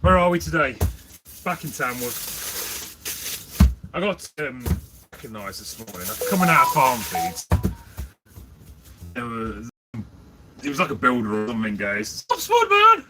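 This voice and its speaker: A man's voice: mid-range voice, expressive, normal speed, long pauses, music in the background. A man chatting casually on a livestream from inside his food van, answering viewer comments as he works. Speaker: livestream host selling jacket potatoes.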